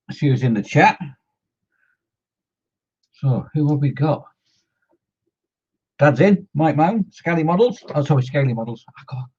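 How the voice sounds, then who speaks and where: A chatty scale model hobby streamer with a husky, muffled, mid-range voice talks casually on a live stream while modelling. He's jokey and greets viewers by name.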